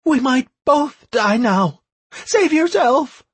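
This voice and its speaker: Male narrator doing a wounded woman, high and husky, pleading, dry close audiobook sound. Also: animated, takes it slowly, dry recording, heavily acted. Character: injured young woman dangling over a chasm, pleading.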